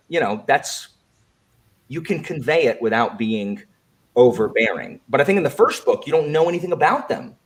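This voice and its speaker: Animated American man hosting a book chat. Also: mid-range voice, moderate pace. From United States. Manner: animated, emphatic, repeats phrases. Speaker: host. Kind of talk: casual book discussion livestream.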